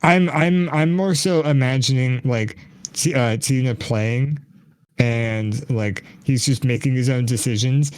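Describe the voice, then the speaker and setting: A man's voice: medium pitch, a little slow, darkish tone, no echo. A man joking dryly in a casual podcast chat. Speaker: podcast regular.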